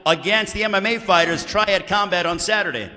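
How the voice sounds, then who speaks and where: A man hosts a press conference and keeps order in an announcer-like way. His voice is fairly high and bright. It echoes through a large hall. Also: a little fast. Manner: announcer-like, tries to keep order. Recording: reverberant hall.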